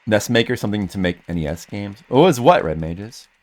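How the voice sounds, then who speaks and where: Low-voiced man chatting on a gaming stream. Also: animated, a little fast. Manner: rambling, chats with viewers, bursts into mock rage. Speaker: streamer playing a game. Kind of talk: casual gaming stream chat.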